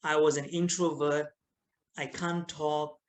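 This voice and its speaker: A middle-aged man with a Malaysian English accent giving a lively, teasing online lecture to students, often asking them questions. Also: on the high side, slow, a little hiss or hum, low-quality recording.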